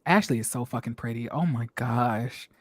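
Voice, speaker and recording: A young man hosting a casual reality TV review, talking loose, profane and animated. His voice sits at a middle pitch. It is recorded close and dry, with no room around it. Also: normal speed, no echo. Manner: animated, profane, laughing, puts on voices when quoting. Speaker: show host.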